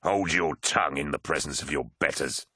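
A man voicing a brutal, bloodthirsty male warrior lord in an audiobook, snarling his words slowly and with force. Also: very deep voice, sharp tone, slightly rough, no room sound, studio quality, exaggerated voice. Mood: threatening. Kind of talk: audiobook character voice.

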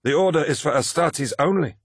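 A man's voice: on the high side, brisk, breathy edge, no room sound, clean studio sound, voice pushed up. A man doing a stern rule-bound warrior elder. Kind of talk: audiobook character reading.

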